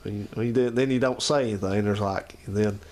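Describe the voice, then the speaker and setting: A man talks in a slightly low voice, rambling and repeating himself as he chats casually. He addresses both his uncle and the viewers. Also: steady tone, a little fast, darkish tone, slight background noise. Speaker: channel host. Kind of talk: casual chat to camera.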